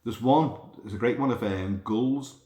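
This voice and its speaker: A man with a lowish voice rambles through a sweary, animated monologue. He tells stories loosely and jumps between thoughts. The room sounds roomy and echoey. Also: a little slow. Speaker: podcast host. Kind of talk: casual monologue. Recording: roomy echo.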